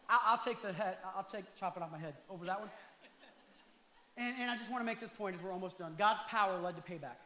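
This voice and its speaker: A male pastor preaching a passionate sermon, at times rising to shouts and talking directly to the congregation. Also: high voice, brisk, roomy sound.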